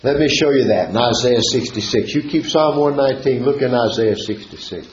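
A man's voice: medium pitch, a little fast. A man preaching a sermon, reading scripture and explaining it verse by verse with fervent, sing-song exclamations. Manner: reads and expounds scripture verse by verse. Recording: dull, echoey church recording.

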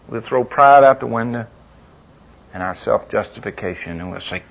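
Husky preacher man, swinging loud and soft. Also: a little high, sing-song, moderate pace. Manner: rises from quiet asides to loud pleading cries. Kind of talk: sermon. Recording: dull lo-fi sound.

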